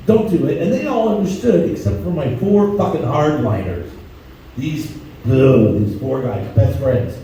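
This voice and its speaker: A man's voice: high-pitched, warm tone, a little hiss or hum. A male stand-up comedian telling crude stories on stage and acting out the voices in them, heard from far off in an echoey club. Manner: crude, storytelling, acts out voices.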